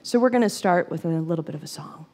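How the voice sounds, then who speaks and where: A woman's voice: sits low, expressive, fast, dark tone. A woman minister giving a reflective sermon, building thoughts through repeated phrases and telling a parable. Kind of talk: sermon with guided storytelling.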